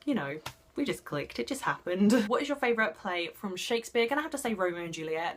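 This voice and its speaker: A young English woman with a slightly low voice talks through viewer questions in a loose, chatty way. She gushes freely and keeps things casual and friendly. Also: fairly bright tone. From Suffolk, England. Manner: chatty and gushing. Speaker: vlogger answering viewer questions. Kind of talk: casual chat.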